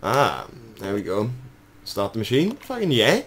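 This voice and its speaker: A young Welsh man playing a horror game with friends, excitable, swearing and laughing often in casual chat. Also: on the low side, unhurried, slight background noise. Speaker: gaming host playing the game. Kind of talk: casual let's-play chat.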